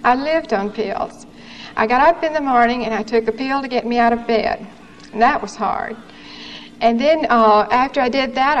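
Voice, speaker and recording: Woman, 30s, earnest testimony, higher voice, faint noise on a 1970s recording. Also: highs cut off. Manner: earnest, candid storytelling with quoted dialogue. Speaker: testimony speaker. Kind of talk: personal testimony.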